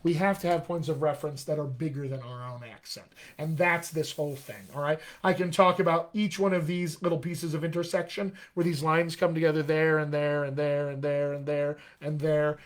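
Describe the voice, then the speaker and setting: A man's voice: fairly high pitch, steady tone, moderate pace, hardly any pauses. A man teaching accents and vowels as a dialect coach in a live online lesson, explaining patiently and often checking in with "all right?".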